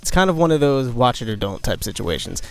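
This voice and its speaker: A man's voice: mid-range voice, sing-song, fast talker, creaky, faint music behind. A young adult man hosting his own channel, giving a casual, opinionated review with joking asides. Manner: opinionated, conversational, jokey asides. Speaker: cartoon reviewer, channel host.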